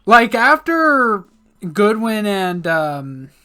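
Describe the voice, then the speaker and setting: A man co-hosting a let's play, chatting casually in halting speech full of fillers. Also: high-pitched, very animated, sharp tone, smooth, soft background music. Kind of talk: casual gaming chat.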